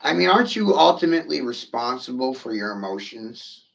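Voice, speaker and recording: A man's voice: medium pitch, very animated, a little fast, gravelly, fairly bright tone. A man ranting on a livestream, profane and provocative, firing rhetorical questions at his viewers. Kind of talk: rambling livestream rant.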